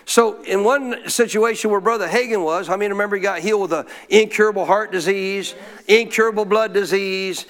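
A man preaching a sermon as pastor, telling a story with lively questions to the congregation. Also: high voice, a little fast. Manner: animated storytelling, asks the crowd questions.

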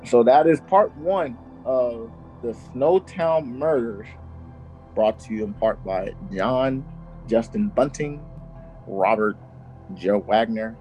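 A man at a middle pitch retells a true-crime case in a casual, joking podcast chat. He laughs easily and keeps it loose. Faint music sits under his voice. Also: slow, dull audio. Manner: laughs easily, jokey and animated. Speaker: podcast host telling the story.

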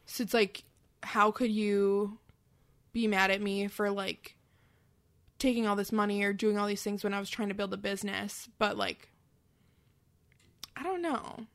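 A woman's voice: mid-range voice, steady tone, a little slow, long pauses, fairly bright tone. A woman with a mid-range voice co-hosts a casual podcast. She rambles and uses lots of fillers. She swears now and then. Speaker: podcast co-host. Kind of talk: casual chat.

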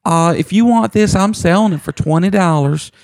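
A man putting on a high voice for a little rural Kentucky lady, with an Eastern Kentucky accent, rambling on about selling a microwave. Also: normal speed, darkish tone, no room sound. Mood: chatty. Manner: chatty, rambling, high falsetto.

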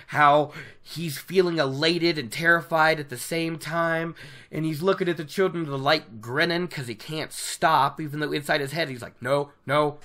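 A host giving a casual book recap, animated and opinionated, laughing often. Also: mid-range voice.

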